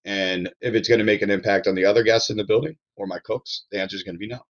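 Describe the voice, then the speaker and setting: A man's voice: fairly low pitch, fairly even intonation, very fast, dull audio. A man with a Baltimore accent, a chef talking candidly and casually as a podcast guest. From Baltimore area, USA. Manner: candid, rambling, swears casually.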